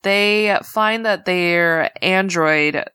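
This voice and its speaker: A woman co-hosting a podcast, explaining things in a measured, thoughtful way. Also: lowish voice, sharp tone, clean tone, no room sound. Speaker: podcast co-host. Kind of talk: casual chat and film summary.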